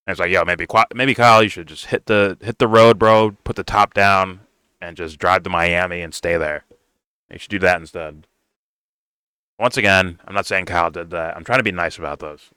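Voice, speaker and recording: A heated man tears into a political video he is reacting to, cursing at every turn. His voice sits a little low and pushes forward with a hard, tense edge, recorded close and dry. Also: moderate pace, bright, forceful tone, smooth, dry recording. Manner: blunt, heated, swears constantly, says "bro". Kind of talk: profane reaction rant.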